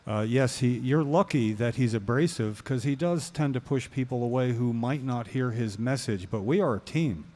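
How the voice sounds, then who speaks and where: Calm, measured male co-host. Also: medium pitch. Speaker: podcast co-host. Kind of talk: talk show commentary.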